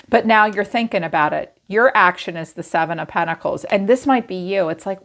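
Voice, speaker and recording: A woman's voice: medium pitch, animated, brisk, hardly any pauses, fairly bright tone. A woman giving a casual tarot reading to camera, chatty and frank, who swears and laughs easily. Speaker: tarot reader.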